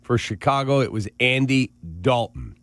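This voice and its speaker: A man's voice: medium pitch, sing-song, normal speed, a bit bright, no room sound. A man co-hosting a sports radio show, rattling off game stats and scores in casual banter.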